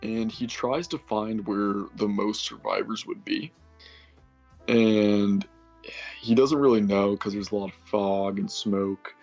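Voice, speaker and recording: With a fairly low, somewhat mellow voice, a player talks casually through a tabletop game session. He wanders, catches and fixes his own mistakes, and fills gaps with filler words.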